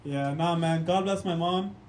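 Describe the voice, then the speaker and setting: A man's voice: fairly high pitch, measured pace. A young man, doing a punchy stand-up comedy set on a club stage and talking straight to the crowd. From Canada. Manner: punchy, keeps calling the crowd "guys" and "man". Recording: echoey room.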